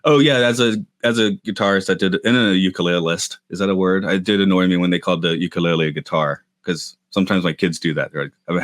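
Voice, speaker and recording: A man with a very low voice chats casually on a podcast. He rambles and restarts his sentences often. The sound is dry and close to the mic. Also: dry recording. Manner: rambling, halting, many restarts and laughs. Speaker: podcast co-host. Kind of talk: casual chat. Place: lives in Japan.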